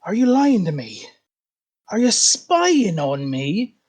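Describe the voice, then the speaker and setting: A man's voice: huge pitch swings, slow, a little mellow, slightly rough, full character voice. A man voicing a volatile, paranoid male hermit in a tabletop game, with a put-on accent. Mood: suspicious. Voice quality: put-on accent, sudden high yelps. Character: paranoid, volatile male stump-dweller with a hot poker.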